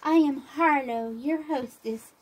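A woman's voice: high-pitched, muffled recording. A woman voicing a vain, bossy doll queen. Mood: haughty. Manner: haughty, showy, drawn-out emphasis. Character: vain, bossy girl doll hostess calling herself queen. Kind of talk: doll play role-play.

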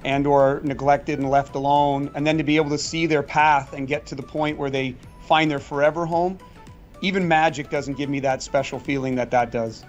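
A man's voice: fairly high pitch, fairly even intonation, moderate pace, soft background music. A middle-aged man answering interview questions in a chatty, storytelling way, with fillers and restarts. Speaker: guest magician.

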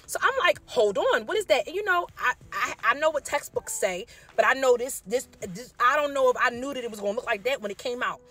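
High, bright-voiced woman nurse telling stories. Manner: animated, colloquial, jumps into loud acted reactions; asks rapid rhetorical questions to the audience. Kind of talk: casual storytelling to camera.

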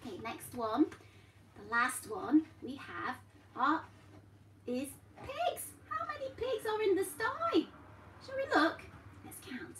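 A woman's voice: high-pitched, bright, forceful tone. A woman teaching a class for toddlers, coaxing and playful in a sing-song way. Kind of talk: children's class. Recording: roomy sound, mic at a distance, faint noise.

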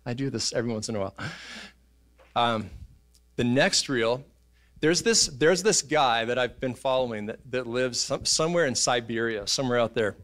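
A man, preaching a sermon in a church, telling stories in an animated way and acting out voices and sounds. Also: medium pitch, moderate pace. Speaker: pastor. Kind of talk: casual sermon storytelling. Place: church auditorium.

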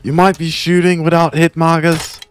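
A man putting on the voice of an earnest motivational speaker, loud and dramatic as he pushes through a mock inspirational speech. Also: a little high, flat delivery, moderate pace, faint music behind, lightly acted. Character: earnest male motivational speaker, grand and uplifting.

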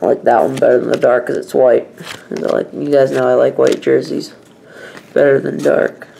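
A man's voice: medium pitch, little pitch movement, normal speed, vocal fry, mellow, a little hiss or hum. A young man chatting casually in his own vlog, rambling and emphatic in his opinions. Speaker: vlogger.

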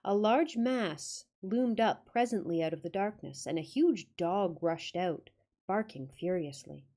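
A woman's voice: lowish voice, measured pace, dark tone. A woman narrating a classic ghost story with dramatic reading and wry, joking asides.

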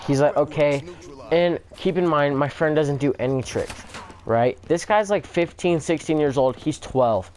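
A young man narrates a rambling story-time vlog over gameplay, with video game gunfire in the background. His voice is a little high, unhurried, and a little mellow. He swears a lot and leans heavily on "like."

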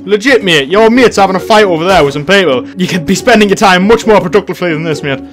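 This is a young man narrating his gameplay, his voice high and swinging all over the place as he gets excited. He swears constantly and yells taunts at rival players. Faint game music plays underneath. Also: fast. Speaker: gaming channel host. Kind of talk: casual gameplay commentary.

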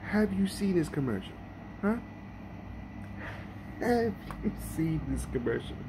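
A man reacts to a video in a casual way, repeating his lines and tripping over his words. He talks slowly, but his pitch swoops up and down. There is a steady hum of noise behind him. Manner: animated, repeats himself, stumbles over words. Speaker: vlogger.

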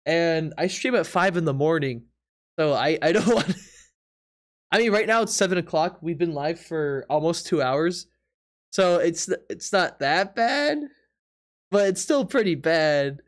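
A man's voice: a little high, animated, a little slow. A man streaming live from his apartment, chatting casually with viewers, laughing often and reacting in disbelief while teasing his chat.

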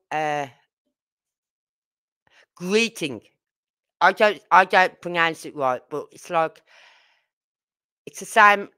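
With a deep, smooth voice and a sharp edge to her tone, a middle-aged woman from Birmingham, England, chats to a live audience. She's a livestream host who rambles in her Birmingham accent, dropping in fillers and asides.

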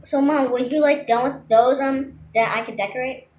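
A hesitant young voice, very high, stumbling through likes and ums in casual talk. The voice is off-mic in an echoey room with a faint hiss. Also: female voice, steady tone, normal speed, a little mellow, far from the mic. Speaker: vlogger's child. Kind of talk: casual chat.

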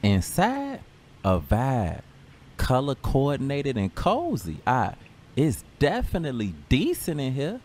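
A man's voice: medium pitch, slow pace, slight background noise. A man narrating a comic street story in slang, acting out the dialogue. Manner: slangy and animated, acts out dialogue.

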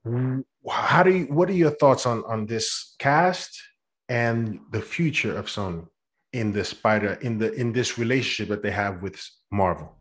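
A man's voice: lowish voice, moderate pace, husky. A man hosting a podcast, chatting casually and putting questions to his co-host. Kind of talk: casual pop-culture chat.

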